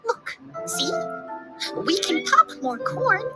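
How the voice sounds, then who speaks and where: A tiny storybook mouse with a very high, squeaky voice, put on by a woman reading aloud, coaxing and eager. It swoops up and down, drawn out and slow. Loud music plays behind it. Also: big pitch swings, vocal fry, full character voice. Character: small eager mouse reassuring a bear. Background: background music.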